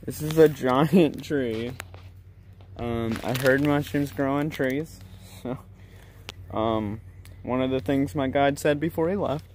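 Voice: mid-range voice, slow pace, darkish tone. A vlogger rambling and joking to viewers while hiking through the woods, filmed on a handheld camera. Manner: giggly, joking, talking to viewers. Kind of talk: rambling solo hiking vlog. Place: outdoors in woods. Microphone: handheld camera mic. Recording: clear outdoor nature noise.

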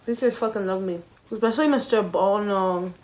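A woman's voice: medium pitch, a little mellow. A woman appearing as a guest on a vlog, telling a story in a chatty way full of fillers. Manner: chatty, filler-heavy, quick. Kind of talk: casual storytelling chat.

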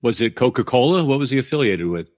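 A man hosting an interview podcast, introducing his guest and asking curious, measured questions. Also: medium pitch, lively intonation, a little mellow. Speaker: podcast host.

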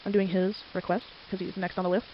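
A teenager talks quickly and rambles, drifting from one thing to the next. The nose sounds stuffy and congested. The home microphone recording is dull and lo-fi, with a faint hiss underneath. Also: mid-range voice, level tone. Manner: chatty, rambling, easily sidetracked. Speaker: amateur artist. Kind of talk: casual rambling narration while drawing. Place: home at night. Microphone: desktop microphone.

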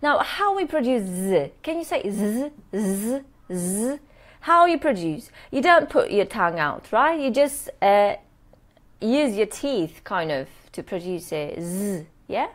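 A woman teaching English pronunciation in a live online workshop, modeling words slowly and checking in with "yes?" after nearly every point. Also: medium pitch, very animated.

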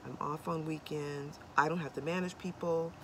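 A woman's voice: deep voice, fairly even intonation, moderate pace, noisy background. A young adult woman chatting casually to camera from inside her van, bubbly and corny, rambling with lots of ums. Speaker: vlogger. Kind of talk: casual vlog chat to camera.

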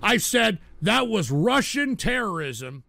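Brief: male stream host, high gravelly voice, bright and dry, ranting at chat, erupts into shouts. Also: big pitch swings, slow pace, no echo. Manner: combative, swings from mutters to shouting. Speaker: livestream host reading chat. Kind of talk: angry livestream rant.

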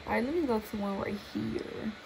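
A woman's voice: a little high, moderate pace, vocal fry, crowd noise. A young woman reacting to her old videos in a chatty, giggly way, talking straight to her viewers. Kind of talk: casual reaction chat. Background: music.

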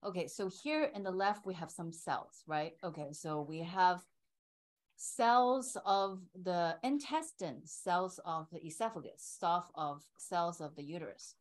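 Slow-paced woman teaching qigong. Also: fairly low pitch, poor audio. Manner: explains slowly, often checks in with "right?" and "okay". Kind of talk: teaching an online class.

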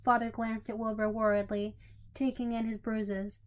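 A woman's voice: a little high, moderate pace. Woman reading fanfiction aloud. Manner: even, with small slips and restarts. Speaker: story reader. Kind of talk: fanfiction audiobook narration.

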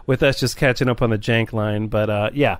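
A man hosting a casual podcast, laid-back and laughing often, with many pauses and fillers. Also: fairly low pitch, steady tone, clean tone. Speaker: podcast host.

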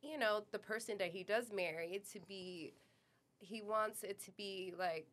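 A woman from New York, a podcast guest, telling a personal story in a chatty way, often trailing off softly. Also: medium pitch, measured pace. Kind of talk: casual storytelling.

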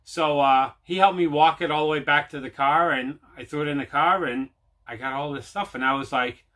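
A man with a slightly high, sharp voice and brisk delivery hosts a home video of his own. He spins out a lengthy casual story full of fillers and repetition.

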